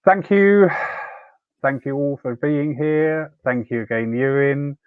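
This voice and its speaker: A man's voice: fairly high pitch, takes it slowly, smooth, no echo. A man hosting a church evening over a video call, chatty and anecdotal, laughing easily. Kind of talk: hosting and telling a personal story. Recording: tinny, phone-like call audio.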